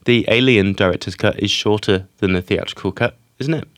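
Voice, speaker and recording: A man's voice: on the low side, brisk, no room sound. A man hosting a film podcast in casual chat, hesitant and repeating words as he goes. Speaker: podcast host.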